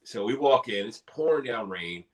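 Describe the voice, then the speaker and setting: A middle-aged man, a paranormal investigator, telling a story casually in a live interview, animated and swearing freely. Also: on the low side, normal speed, poor audio. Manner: animated, swears casually, acts out quoted dialogue.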